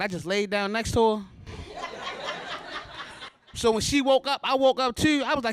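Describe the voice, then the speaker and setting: Man from Baltimore, stand-up set, very high voice, loose and self-mocking. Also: very animated, moderate pace, long pauses, noisy background. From Baltimore, USA. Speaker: stand-up comedian. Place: comedy show stage before a live audience.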